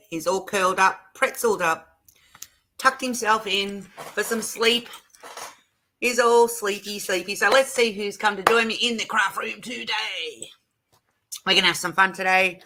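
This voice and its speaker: A woman's voice: medium pitch, pushed and bright, a little hiss or hum. An Australian woman hosting a casual craft livestream from her home craft room, chatting and greeting viewers one by one. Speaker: livestream host.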